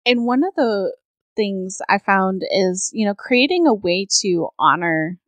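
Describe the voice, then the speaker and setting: A woman's voice: medium pitch, animated, unhurried, fairly bright tone, no room sound. A woman co-hosting a podcast, telling personal stories in an open, chatty way. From Georgia, US. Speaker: podcast co-host. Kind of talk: casual podcast conversation.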